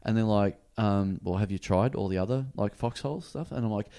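A man hosting a podcast, telling a story in a casual, sweary, animated way and acting out every voice in it. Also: lowish voice, a little fast, vocal fry. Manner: animated, sweary, acts out both sides of a story. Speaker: podcast host.

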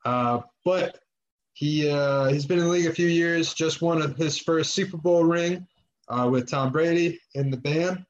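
A man's voice: a little high, normal speed, lo-fi sound. A man co-hosting a casual sports chat, rambling along with lots of fillers and restarts. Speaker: podcast co-host.

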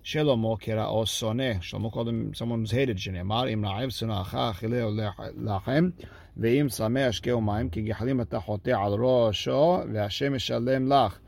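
A man's voice: mid-range voice, moderate pace, vocal fry, darkish tone. A man giving a daily Talmud lesson, reading the text aloud line by line and then translating it in casual speech. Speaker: Talmud teacher.

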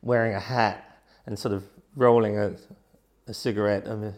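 A man, a guest telling lively anecdotes and acting out the voices in them. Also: on the low side, normal speed. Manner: animated, acts out voices in his stories. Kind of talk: anecdotal storytelling.

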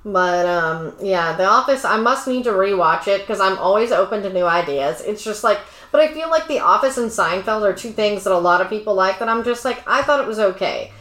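A woman's voice: mid-range voice, expressive, fairly quick, hardly any pauses, fairly bright tone. A woman co-hosting a podcast in casual chat, blunt and opinionated, with many fillers. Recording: echoey room.

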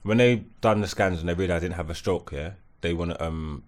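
A man telling a story in slangy casual chat on a podcast, getting animated as he goes. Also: sits low, fairly quick. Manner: animated slangy storytelling, rising when worked up. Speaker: podcast co-host.

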